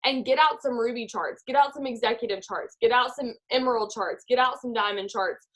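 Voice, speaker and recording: Chatty young woman, lots of "like". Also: a little high. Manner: chatty, fast, lots of "like", animated retelling. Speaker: team leader in direct sales. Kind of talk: motivational talk on a video call. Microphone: video call.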